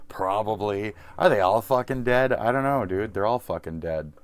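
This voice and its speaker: A man's voice: low voice, gravelly. A man in his forties, a streamer, rambling through a profane, self-mocking sign-off to his viewers. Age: 40s.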